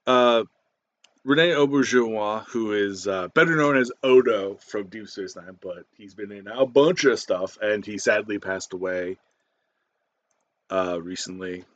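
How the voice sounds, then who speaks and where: A man's voice: lowish voice, fairly bright tone, lo-fi sound. A man giving a casual spoken movie review, rambling with many fillers, restarts and casual swearing.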